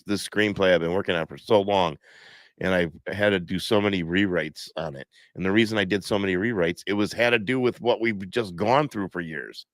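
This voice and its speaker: A man's voice: fairly low pitch, a bit bright, no room sound. A man hosting a live stream from home, stuffed up, talking in a preachy, repetitive way and reading viewer comments aloud.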